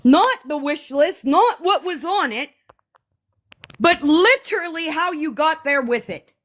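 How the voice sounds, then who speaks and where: A woman on a live stream, ranting to her viewers in a heated, profane, sarcastic way, often slowing down to stress her words. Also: high-pitched, animated. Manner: slow emphatic pauses.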